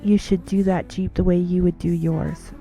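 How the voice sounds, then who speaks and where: A woman's voice: lowish voice, level tone, normal speed, creaky, warm tone, faint music behind. A woman giving an earnest devotional talk in a casual monologue, telling stories and repeating words as she goes.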